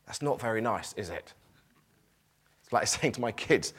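A man's voice: fairly low pitch, animated, moderate pace, long pauses, a bit bright, husky. A middle-aged man preaching a sermon, reading scripture aloud and acting out its tone with emphasis.

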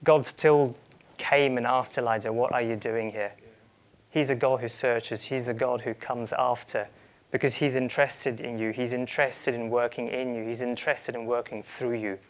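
A man's voice: medium pitch, fairly even intonation, normal speed. A man preaching a sermon, speaking earnestly, often restarting phrases and voicing quoted lines. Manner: earnest, with frequent repeated starts and quoted asides.

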